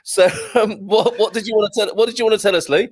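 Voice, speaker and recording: A man's voice: sits high, fairly even intonation, no echo. An English man co-hosting a casual chat show over a video call, jokey and teasing. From England. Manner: jokey, teasing, quick to laugh. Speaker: co-host.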